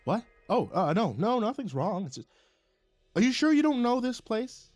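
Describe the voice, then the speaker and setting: A man's voice: mid-range voice, expressive, moderate pace, darkish tone, husky, dry recording, faint music behind. A man voicing a flustered, apologetic male spirit guide who talks in fumbling, hesitant bursts. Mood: earnest.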